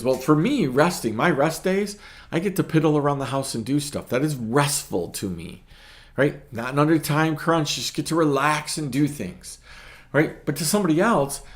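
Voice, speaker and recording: A middle-aged man delivers a brief sermon, talking the way he would to a small group rather than orating. His voice sits at an ordinary middle pitch, and he keeps checking in with the listeners as he explains each point. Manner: conversational, often adding "right?" to check in with listeners. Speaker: pastor. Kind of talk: short sermon teaching.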